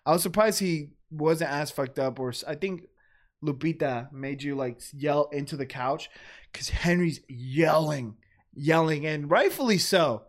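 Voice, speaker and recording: A young man whose voice sits a bit high for a man tells a story with lots of swearing and animated outbursts. He talks casually with a friend and laughs often. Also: measured pace.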